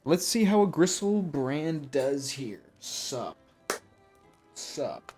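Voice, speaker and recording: A man streaming a card game, giving live gameplay commentary while talking to his chat in a self-mocking, animated way. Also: a little high, very slow, soft background music.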